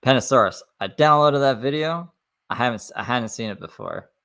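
A man's voice: mid-range voice, expressive, a little fast, a bit bright. A man hosting a livestream, reacting to clips with sarcastic, profane, mocking commentary. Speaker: commentary streamer.

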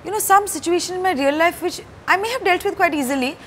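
A woman, talking as a guest in a candid stage interview, soft-spoken and hesitant with many fillers. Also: very high-pitched, quick pace, slight background noise. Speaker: actor and director, interview guest. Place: stage before a live audience.

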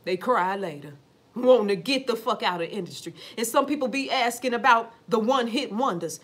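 A woman vlogger talking casually to her viewers, animated and preachy, swearing a lot and asking rhetorical questions. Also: a little high, fairly quick, breathy edge. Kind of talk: casual talk to camera.

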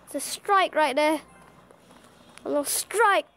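A woman giving excitable live commentary over her own card-battle game, cheering and groaning at every play. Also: high-pitched, slow pace. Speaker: gaming channel host.

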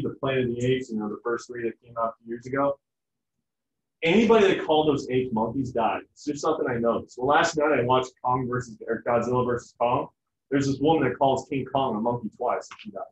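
A man with a medium-pitched voice teaches a biology class, lecturing casually and joking, even acting out family members' voices. A little hiss or hum sits under an echoey, distant, dull room sound.

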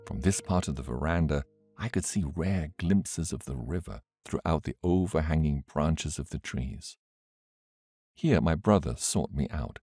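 A man narrating a book in a measured, expressive reading. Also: rumbling low, no room sound, studio quality. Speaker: audiobook reader.

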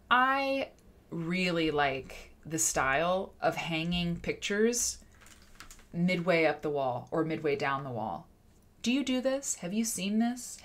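A woman's voice: on the low side, a bit bright. A woman hosting a livestream in casual, rambling chat, laughing often. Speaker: show host.

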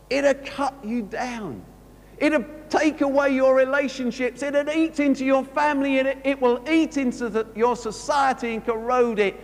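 A man preaching at a live conference, with a very high, animated voice that swoops through a wide range. He tells his story with lively storytelling and acts out both sides of a dialogue. The sound rings with the long reverb of a large hall. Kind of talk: sermon anecdote.

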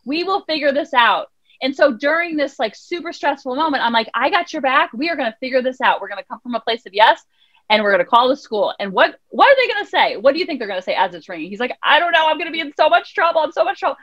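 A woman child counselor on a podcast, telling a parenting story in an animated way and acting out her son's lines. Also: high-pitched, fast talker, highs cut off. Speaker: child counselor and life coach guest. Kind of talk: podcast conversation.

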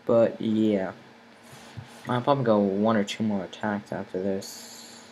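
Teen guy rambling over his game, lots of filler, gets hyped on the fights, slight background hiss. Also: mid-range voice. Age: teenager. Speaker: gaming channel host. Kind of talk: casual let's-play commentary.

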